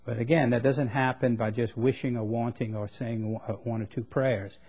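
With a steady, darkish mid-range voice carrying a breathy edge, a man delivers a folksy, plain-spoken sermon. He reads scripture in quick bursts and raises his voice to stress his points.

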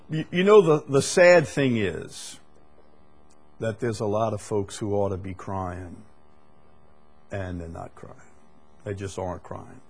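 A man teaching the Bible in a conversational way, deliberate, often repeating words with frequent fillers. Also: on the low side, darkish tone, a little hiss or hum.

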